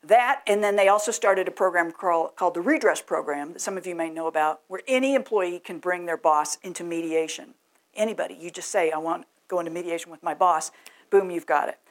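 A woman giving a lively presentation and asking the audience questions. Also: fairly low pitch, brisk. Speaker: speaker.

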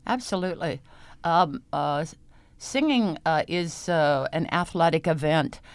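A middle-aged woman with a low voice talks as a guest on a radio interview about singing. She explains things slowly, hesitating often, and the sound is close and dry with no room. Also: dry recording. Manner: unhurried, explanatory, with frequent hesitations and light laughs. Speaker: opera singer and voice teacher.

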